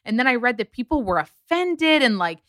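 A woman's voice: on the high side, sing-song, normal speed, a bit bright, no room sound. A woman hosting a podcast, chatting casually and animatedly, telling stories with quoted asides. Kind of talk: casual gossip chat.

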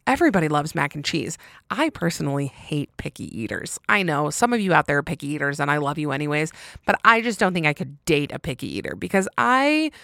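Young woman, solo podcast host, low-pitched voice, dry close sound, chatty and opinionated. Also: very animated, quick pace, gravelly, fairly bright tone, dry recording. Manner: chatty and opinionated, laughing often. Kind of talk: casual solo podcast chat.

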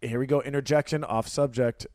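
A man's voice: mid-range voice, steady tone, fairly quick, a crowd in the background. A man in his thirties co-hosting a podcast, rambling and trailing off mid-sentence. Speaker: podcast co-host. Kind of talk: casual chat.

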